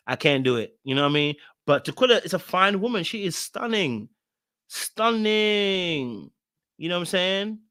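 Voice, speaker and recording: A man's voice: on the high side, fairly bright tone, dry recording, studio quality. A man giving casual reaction commentary, emphatic and blunt, repeating himself with plenty of slang.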